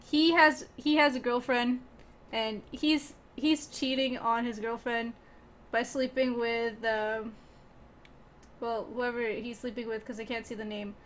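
Young woman gamer, high voice, unhurried, giggly and playful with her crew. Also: fairly bright tone, a little hiss or hum. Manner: giggly, playful, talks to chat and teammates. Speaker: gaming streamer. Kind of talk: casual gameplay commentary.

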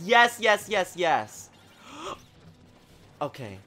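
Guy ranting at a video game while he plays, bright voice jumping all over, faint game music behind. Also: high voice, takes it slowly, long pauses. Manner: excitable, talks at the game, swings from mutters to shouts. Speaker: gaming channel host. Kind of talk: live gameplay commentary.

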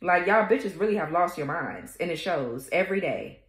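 A woman's voice: on the low side, expressive, moderate pace. A woman tarot reader ranting at her haters in a profane, confrontational way. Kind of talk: tarot reading rant. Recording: echoey room.

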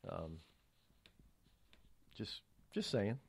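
A man's voice: fairly low pitch, wildly swooping pitch, very slow, creaky, breathy edge. A male radio talk show host talking alone on air, rambling with many fillers and restarts. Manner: grows heated and emphatic on politics. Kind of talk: solo talk radio commentary.

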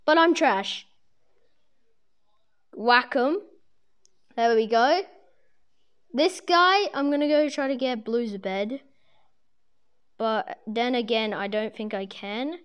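A woman giving casual commentary over her own gameplay, excitable, yelping and trash-talking playfully. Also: fairly high pitch, slow pace, long pauses, smooth. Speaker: gamer commentating own play. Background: children's music playing.

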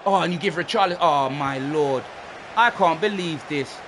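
A young man, commentating on his own football video game with excitable shouts and lots of slang. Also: a little high, normal speed, noisy background. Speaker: gaming streamer.

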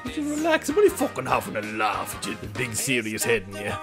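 A man with an Irish accent playing a loud, boozy pub regular who shouts, swears and teases his friend in a comedy sketch. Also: mid-range voice, huge pitch swings, quick pace, over music. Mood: defensive. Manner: shouty, rowdy, teasing, swearing.

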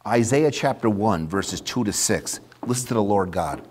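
A man preaching a sermon, reading scripture aloud and swinging between loud emphatic declaration and hushed, near-whispered asides. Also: lowish voice, expressive, normal speed, few pauses, breathy edge.

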